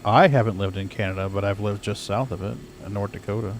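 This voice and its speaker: A man's voice: fairly low pitch, steady tone, fast, a little hiss or hum. An American man chatting casually while playing a game, easygoing and rambling. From United States. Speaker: streamer. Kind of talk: casual gaming chat.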